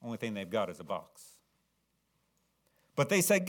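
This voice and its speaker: A man preaching a sermon, swinging from low, earnest tones to loud, dramatic, acted-out shouts. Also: very animated, normal speed.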